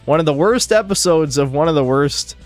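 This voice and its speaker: A man hosting a podcast in casual chat, with a monotone voice and a crude, offhand way of talking that trails off. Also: a little high, a little fast, soft background music. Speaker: podcast host and streamer. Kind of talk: casual chat, reading viewer donations.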